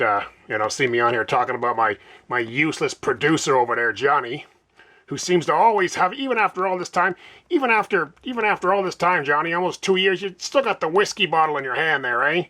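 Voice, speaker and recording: A man's voice: medium pitch, bright, forceful tone, close to an everyday voice. A man voicing a snarky, floppy-armed male puppet host in a homemade comedy vlog, rambling and needling his producer with sarcastic jabs. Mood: scolding.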